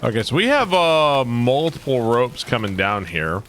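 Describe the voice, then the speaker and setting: A young man casually commentating his gameplay live, excitable and swearing freely while chatting with viewers. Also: mid-range voice, moderate pace, a little hiss or hum. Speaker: game streamer.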